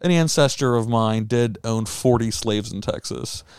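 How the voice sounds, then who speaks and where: A man's voice: medium pitch, moderate pace, darkish tone, clean tone, no echo, studio quality. A man co-hosting a casual comedy podcast, telling rambling stories and laughing mid-sentence. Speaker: podcast co-host.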